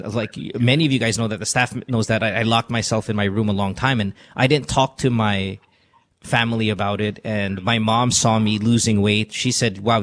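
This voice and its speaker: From a radio studio, a podcast host takes calls and gives emotional advice, speaking earnestly and confessionally and repeating himself. His voice is fairly low and fairly bright.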